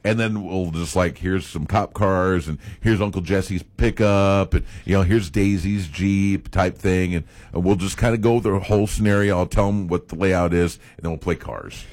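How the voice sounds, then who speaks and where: A man's voice: sits low, steady tone, moderate pace, few pauses, darkish tone, dry recording. An older man chatting casually as a co-host, telling rambling stories full of restarts and asides. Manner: rambling, loose storytelling with many restarts. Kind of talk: casual chat.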